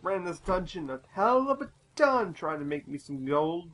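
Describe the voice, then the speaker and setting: A man's voice: high-pitched, very animated, moderate pace, fairly bright tone, low-quality recording. A young man from the United States giving casual, rambling gameplay commentary with plenty of swearing and exasperation. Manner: rambling, profane, easily exasperated.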